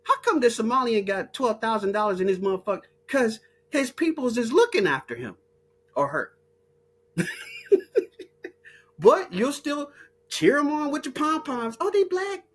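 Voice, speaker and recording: Blunt, heated male commentator with a high, lively, husky voice, riffing off the cuff. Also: unhurried, long pauses. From United States. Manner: heated and blunt, laughs between points, mocks others in put-on voices. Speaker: online commentator. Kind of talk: unscripted profane rant.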